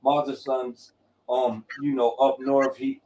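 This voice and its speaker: A man hosting a casual boxing talk, animated and profane, telling stories with acted quotes. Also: mid-range voice, measured pace, a little hiss or hum. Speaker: host.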